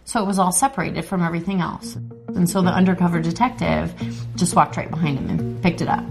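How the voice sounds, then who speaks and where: A woman's voice: on the low side, fast, creaky, over music. A woman detective recalling a case in a casual interview. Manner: casual storytelling. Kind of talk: interview recollection.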